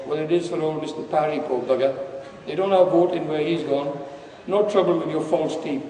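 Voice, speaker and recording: A man's voice: on the high side, fairly quick, dark tone. A man reading his own comic story aloud at a live event, dry and wry with sudden outbursts. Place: large hall, live reading. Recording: echoey hall from far off.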